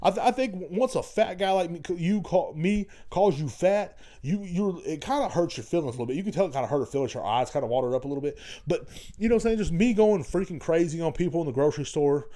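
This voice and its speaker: A man's voice: on the high side, lively intonation, quick pace, hardly any pauses, mellow. Profane rambling man. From Texas. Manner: rambling, profane, crude jokes. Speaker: podcast host. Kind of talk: casual comedic podcast monologue.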